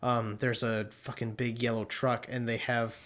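A man's voice: mid-range voice, flat delivery, moderate pace, fairly bright tone. A young man co-hosting a podcast in casual chat, laid-back, swearing often and laughing a lot. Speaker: podcast co-host.

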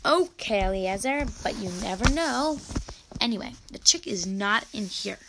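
A woman voicing an eager, curious young girl in a children's story, with a bright, exclamatory delivery. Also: mid-range voice, expressive, normal speed, noisy background, natural voice.

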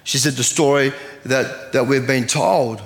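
A man preaches a sermon in an earnest, storytelling way and reads scripture aloud. His voice sits at a middle pitch. A long reverb from a church hall trails after his words. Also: a little slow. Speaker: pastor.

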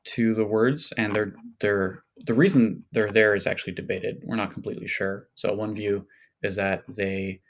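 Low-voiced man explaining biblical text. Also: steady tone, moderate pace. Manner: explanatory, hedging with fillers. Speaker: podcast guest. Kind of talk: casual scholarly discussion.

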